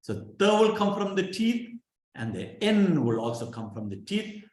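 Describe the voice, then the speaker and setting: Slow, echoey man teaching. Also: high-pitched, very animated, a little mellow. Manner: patient, drills syllables aloud, keeps checking with "right?". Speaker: Sanskrit pronunciation teacher. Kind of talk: online class instruction. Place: online class over a video call. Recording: very echoey room sound.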